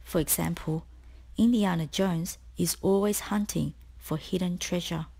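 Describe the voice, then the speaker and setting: A woman tutor reading a scripted spelling lesson, explaining each word slowly and clearly. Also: fairly low pitch, fairly even intonation, warm tone. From Australia. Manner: slow, clear, deliberate explanations.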